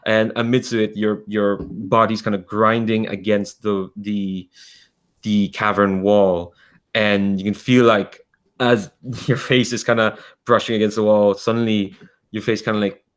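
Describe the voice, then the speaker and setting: A man running a tabletop game as game master, narrating in a rambling, halting way full of fillers and restarts. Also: lowish voice.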